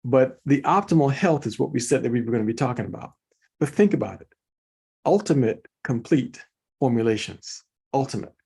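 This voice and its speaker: A man's voice: mid-range voice, animated, brisk, creaky, darkish tone, slightly rough. A man hosting an informal online presentation, talking viewers through slides with enthusiasm, repeating words for emphasis and calling them folks. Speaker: host presenting product commentary.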